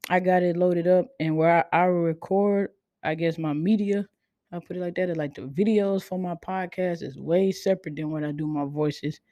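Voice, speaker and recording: A woman podcast host chats casually in a near-monotone. Her voice is mellow and warm, and she sounds a little tired. The recording is dry and close, with no room echo. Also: on the low side, moderate pace, lo-fi sound. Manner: self-described monotone, laid-back delivery. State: tired, sleepy. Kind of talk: casual chat.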